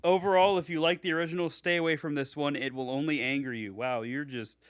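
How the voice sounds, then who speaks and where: A man's voice: fairly high pitch, steady tone, fast, no echo, clean studio sound. A man co-hosting a casual podcast, reading reviews aloud in a sarcastic, mocking way. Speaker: podcast co-host.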